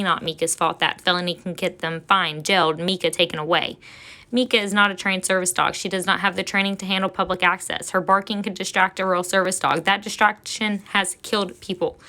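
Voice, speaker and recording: A woman's voice: medium pitch, bright, forceful tone. A woman vlogger giving earnest commentary as she reads out viewer comments and lectures about service dogs. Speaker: vlogger, service dog handler.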